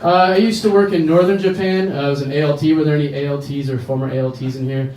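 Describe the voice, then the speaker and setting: A man's voice: fairly high pitch, fairly even intonation, a crowd in the background. American man doing crude stand-up. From United States. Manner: crude, rambling storytelling with quick voice switches. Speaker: stand-up comedian. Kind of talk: stand-up set. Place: bar comedy stage. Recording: echoey bar, mic heard from a distance.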